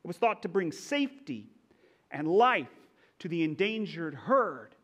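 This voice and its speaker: A young man from Texas with a faint Texan accent, preaching a conversational sermon as pastor with a relaxed, self-deprecating manner. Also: fairly high pitch, unhurried.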